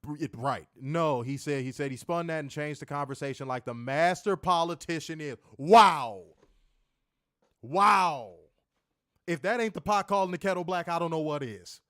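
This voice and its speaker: A man's voice: fairly high pitch, a little fast, hardly any pauses, smooth, no room sound, clean studio sound. A man co-hosting a casual wrestling review show, joking loosely, reading chat comments and summarizing the episode. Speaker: podcast co-host reviewing wrestling.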